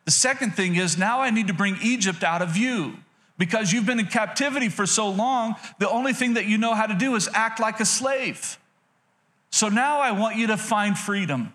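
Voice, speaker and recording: A man's voice: high voice, normal speed, fairly bright tone. A male pastor giving a sermon in an emphatic, repetitive preaching manner with frequent restarts.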